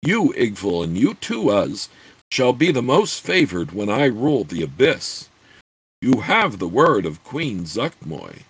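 A man's voice: fairly low pitch, very animated, a little slow, husky, dry recording, exaggerated voice. A man voicing a proud, suspicious demoness queen who speaks in a stately, formal way. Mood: regal.

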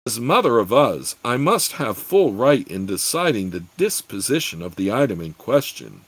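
A man's voice: medium pitch, very animated, normal speed, slightly rough. A man voicing a proud female witch who speaks in an imperious, lecturing way, in an audiobook.

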